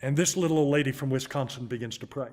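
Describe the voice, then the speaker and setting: An older man preaching a sermon, telling a story with animated, dramatic swings in loudness and pace. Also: medium pitch, quick pace.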